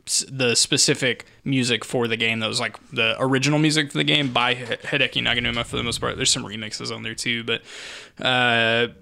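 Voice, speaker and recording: A man's voice: mid-range voice, level tone, a little fast, creaky, pushed and bright. A man chatting casually on a podcast, rambling a bit and restarting his sentences. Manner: rambling, restarts, laughs often. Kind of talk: casual chat.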